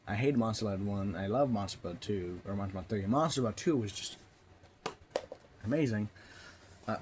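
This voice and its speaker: A man's voice: mid-range voice, slight background noise. A man casually recapping and reviewing a book. He rambles, stalls and restarts, and fills the gaps with "you know". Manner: rambling, halting, full of fillers and restarts.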